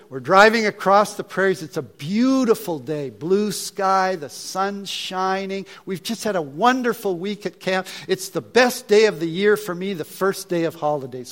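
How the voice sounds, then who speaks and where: A man preaching a sermon as a story, acting out his own thoughts and dropping into hushed asides. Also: sits high.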